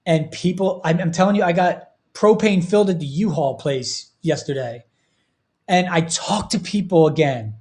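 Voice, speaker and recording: A man in his thirties talks on a podcast in an earnest, emotional way. His voice sits slightly high for a man, and he speaks with open feeling about his own life. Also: moderate pace, darkish tone. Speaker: podcast host. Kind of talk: casual podcast chat.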